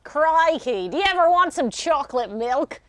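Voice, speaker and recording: A woman voicing a deliberately bad, exaggerated Australian accent while promoting chocolate milk, hamming it up. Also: high voice, animated. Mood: hammy. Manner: hammy, laughing at herself. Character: over-the-top Australian drink promoter, woman.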